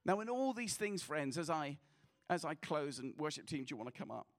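A man preaching a sermon as a pastor, earnest, often repeating his words, moving between passionate exhortation and quiet prayer. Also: fairly high pitch, big pitch swings, fairly quick.

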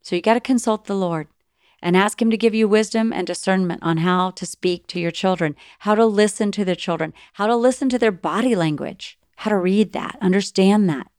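A woman's voice: mid-range voice, brisk, darkish tone, clean tone, no echo, clean studio sound. A middle-aged woman giving an earnest, encouraging faith-based talk on parenting, sometimes acting out what parents and children say. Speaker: Christian parenting speaker.

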